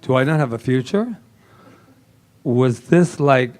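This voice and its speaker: A man preaching a lively sermon in a church service, joking and laughing often with the congregation. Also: medium pitch, takes it slowly. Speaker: minister.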